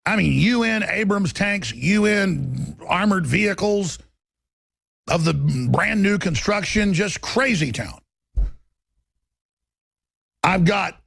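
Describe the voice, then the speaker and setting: A combative talk-radio man with a Texas accent, his voice husky and raspy. He rants in a sarcastic, rambling flow, pitched high for a man. The sound is dry and close, with no room around it. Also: fairly bright tone, no room sound. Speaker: radio talk show host. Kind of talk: ranting talk radio monologue.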